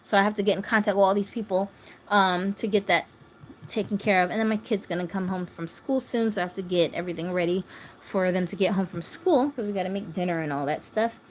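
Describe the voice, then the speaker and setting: The doll-channel host, a woman in her thirties, talks fast in a mid-range voice as she chats casually on her phone livestream. She laughs frequently and reads viewers' comments aloud, and there's slight background noise.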